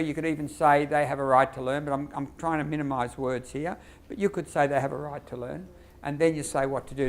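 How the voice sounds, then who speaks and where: A man with an Australian accent giving a lively workshop lecture to teachers, quizzing the audience and acting out classroom phrases. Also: on the high side. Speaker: lecturer on behaviour management.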